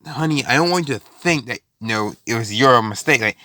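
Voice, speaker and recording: A man voicing a gentle, caring mother in a soothing way. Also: medium pitch, animated, fairly quick, dry recording, studio quality. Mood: reassuring.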